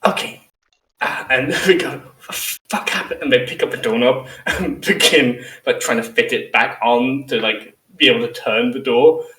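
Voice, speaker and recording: A man running a tabletop game as game master, his voice bright and ringing. He sets scenes and calls for dice rolls with frequent laughs. He sounds a little away from the mic in an echoey room. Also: mid-range voice, moderate pace, far from the mic. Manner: narrates scenes and voices characters, laughs often.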